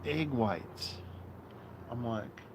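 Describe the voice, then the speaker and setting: A man's voice: medium pitch, extremely slow. Rambling casual man, noisy patio. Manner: rambling, storytelling, profane. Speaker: streamer host. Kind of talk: casual live-stream chat. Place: outdoor patio.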